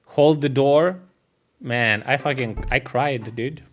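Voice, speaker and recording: A male streamer from Ukraine talks slowly and loosely to his chat, swearing often and laughing at his own jokes. Faint music plays behind him as he reacts to clips. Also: medium pitch.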